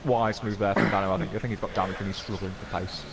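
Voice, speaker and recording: Upbeat racing commentator with noisy audio. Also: male voice, fairly low pitch, little pitch movement, fast. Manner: enthusiastic, playful, hyping drivers. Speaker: lead commentator. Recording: clear background noise.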